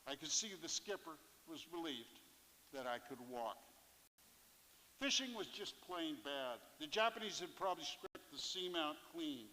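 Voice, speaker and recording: Guy reading a sea story on stage, bright edgy tone, echoey theatre. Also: fairly high pitch, lively intonation, normal speed, a little hiss or hum. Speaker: fisherpoet performer. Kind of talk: reading a first-person fishing memoir on stage. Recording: live theatre with long reverb.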